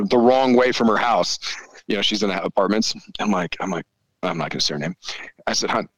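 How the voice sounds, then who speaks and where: Man, 40s, podcast guest; foul-mouthed, lively storyteller, slightly low pitch. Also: no room sound. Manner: profane, animated storyteller. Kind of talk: casual chat, storytelling.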